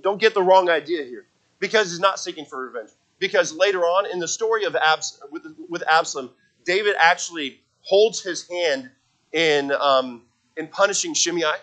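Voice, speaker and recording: A man delivers an expository sermon in a high, bright voice. He walks through the verses earnestly, often restarting his sentences. When he quotes scripture, his delivery swells into emphatic peaks. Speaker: preacher.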